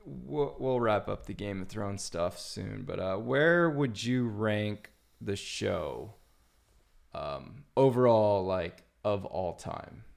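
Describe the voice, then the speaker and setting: A man hosting a podcast in a relaxed, rambling casual chat, full of fillers. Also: fairly low pitch, slow, vocal fry. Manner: laid-back, rambling with many fillers. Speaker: podcast host.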